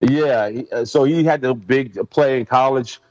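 This guest, an ex-pro football player, spins anecdotes during a casual interview, speaking at medium pitch and a moderate pace. The recording is dry and dull, lo-fi in quality. He gets lively, performing other people's lines in a raised voice.

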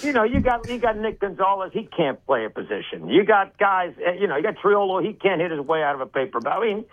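A man's voice: sits high, very animated, fast. A man co-hosting a casual podcast, hesitant and stammering, often repeating himself. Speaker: podcast co-host. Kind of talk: casual chat. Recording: dull lo-fi sound.

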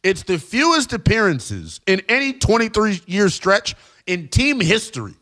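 A man's voice: sits high, big pitch swings, a little slow, sharp tone. A man hosting a sports talk show, giving emphatic, slangy opinions to fans.

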